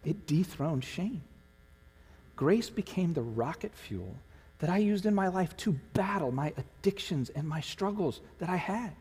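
A man's voice: high-pitched, lively intonation, normal speed, a little mellow, breathy edge. A man preaching a sermon as pastor of a church, earnest and emotional, building to fervent emphasis. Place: church sanctuary. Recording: long hall reverb.

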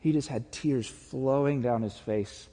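An unhurried, mellow mid-range voice belongs to a pastor giving a sermon in a church sanctuary. He's earnest and chatty, slipping in some humor, with the reverberant church hall audible around him.

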